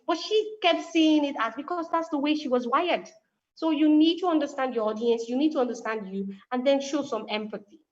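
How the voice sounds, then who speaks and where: A woman with a high voice tells a personal story, acting out the lines of the people in it. The recording sounds dull and lo-fi. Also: fairly quick. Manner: animated storytelling with quoted dialogue. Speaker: guest speaker. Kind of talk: conversational explanation.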